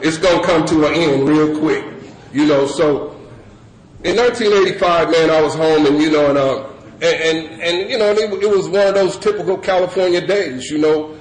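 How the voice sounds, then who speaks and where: A middle-aged man telling his story to a recovery meeting in loose, animated talk full of "you know" and "man". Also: a little high, moderate pace. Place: meeting hall with an audience. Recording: echoey room with audience and background noise.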